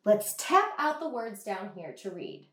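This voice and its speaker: A woman teacher giving an online reading lesson to young children, sounding out words slowly and praising the class. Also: medium pitch, big pitch swings, sharp tone, reverberant. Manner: slow, exaggerated sounding out of words. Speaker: kindergarten teacher.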